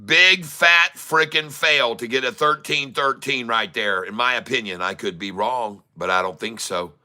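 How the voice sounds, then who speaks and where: Slow, bright-voiced trading streamer man. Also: medium pitch. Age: middle-aged. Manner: excitable, taunting, drawls numbers, talks to the market. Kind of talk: live trading commentary.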